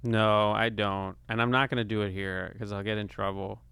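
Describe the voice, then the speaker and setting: A man's voice: fairly low pitch, level tone, normal speed, creaky, fairly bright tone, clean tone, no room sound. A man guesting on a podcast as a comedian, talking in a dry, understated way. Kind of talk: casual chat.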